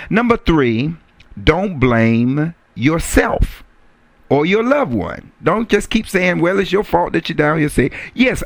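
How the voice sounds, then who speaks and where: A man preaching a sermon, repeating key phrases and rising to emphatic high exclamations. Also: creaky, dry recording.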